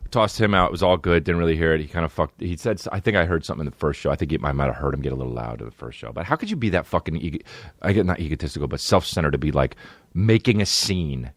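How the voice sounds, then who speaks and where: Dry recording, low male voice: a podcast host running through a rambling monologue on his own show. He curses casually and drops into mocking voices now and then.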